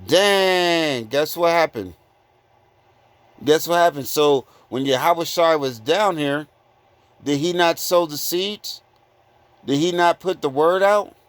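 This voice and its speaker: A man preaching informally from scripture, confronting listeners with blunt rhetorical questions and reading verses slowly. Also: a little high, clear, resonant tone, no echo. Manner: repeated rhetorical questions, "guess what?"; reads verses slowly and deliberately.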